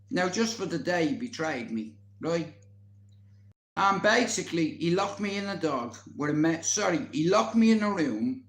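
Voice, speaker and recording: A man with a Dublin Irish accent and a high voice spins a rambling story for his livestream viewers, swearing freely and talking right at them. He sounds blunt and unpolished. The sound bounces around an echoey room. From Ireland. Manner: profane, blunt, talks directly to viewers. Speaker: livestream host. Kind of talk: rambling storytelling to a live audience.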